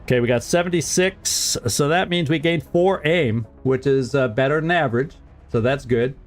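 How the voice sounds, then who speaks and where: A man in a mid-pitched voice streams a strategy game and chats easily with his viewers. He chuckles often and trips over repeated words as he thinks aloud. Faint music plays in the background. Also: normal speed. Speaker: gaming streamer. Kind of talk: casual let's-play commentary.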